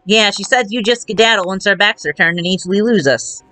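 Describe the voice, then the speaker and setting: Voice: mid-range voice, fairly quick, sharp tone, soft background music, natural voice. A streamer voicing a pair of dimwitted small-time crooks with a slangy tough-guy drawl, reading game dialogue live. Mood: scheming.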